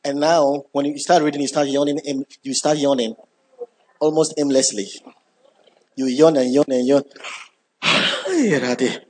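A man preaching a sermon, emphatic, repeating key words and building up when excited. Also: mid-range voice, a little slow, pauses often, slight background noise.

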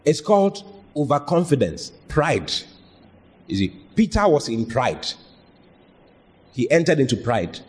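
A man's voice: medium pitch, big pitch swings, unhurried, long pauses, darkish tone, husky. A man preaching a sermon, emphatic and repetitive, often checking in with the congregation with questions. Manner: emphatic, repeats phrases, asks the congregation questions. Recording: reverberant hall.

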